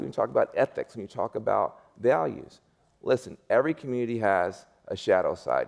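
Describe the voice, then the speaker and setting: Low gravelly emphatic man. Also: a little mellow. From United States. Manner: emphatic, preacher-like repetition. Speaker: panel guest. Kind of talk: panel discussion.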